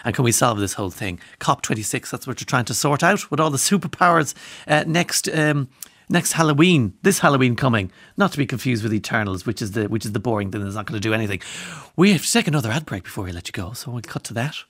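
A man's voice: mid-range voice, lively intonation, fast, a bit bright, dry recording. An Irish man presenting a radio show from a studio, chatting casually with rambling asides and self-deprecating humour while reading out listener texts. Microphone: studio microphone.

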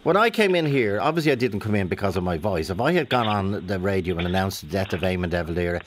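A man's voice: low-pitched, big pitch swings, quick pace, slight background noise. A man with a Dublin accent hosting a radio phone-in, chatty and self-deprecating, often cutting in. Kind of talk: casual radio chat.

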